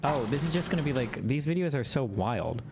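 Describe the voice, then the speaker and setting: A man's voice: medium pitch, animated, fairly quick, a loud crowd. A man streaming live, reacting to videos in casual, crude, rambling talk.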